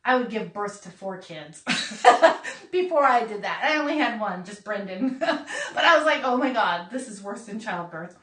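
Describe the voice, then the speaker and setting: A middle-aged woman hosting a podcast, telling a personal story in a casual, animated way, laughing and acting out voices as she goes. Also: mid-range voice, a little slow. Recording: echoey room, a bit far from mic.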